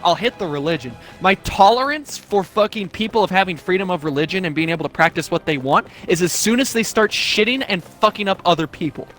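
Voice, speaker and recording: High, animated young man ranting. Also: a little fast, few pauses, slight background noise. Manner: profane, mocking, quotes people in put-on voices. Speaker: streamer. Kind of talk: casual live-stream rant.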